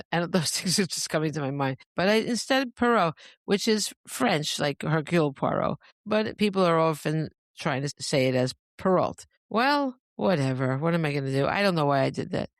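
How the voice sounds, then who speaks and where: A woman's voice: low voice, no echo, studio quality. A woman hosting a solo podcast, talking casually in a rambling, self-interrupting way with laughing asides. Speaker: podcast host.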